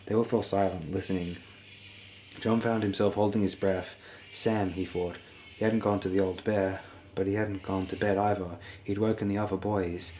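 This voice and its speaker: A man reading a fantasy audiobook aloud in a steady, measured narration. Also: low voice, slight background noise. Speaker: audiobook reader.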